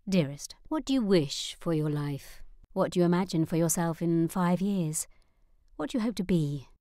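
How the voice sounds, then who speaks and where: A woman voicing a gentle but determined middle-aged mother in an audiobook, speaking calmly and firmly. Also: fairly low pitch, normal speed, dry recording, studio quality, lightly acted. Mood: tender. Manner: calm, soothing, firm.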